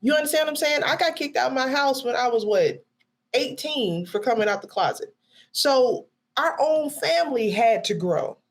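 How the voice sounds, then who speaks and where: A woman's voice: high voice, animated, normal speed. A woman guest on a podcast, speaking in an outspoken, emphatic way and swearing freely. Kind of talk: casual chat.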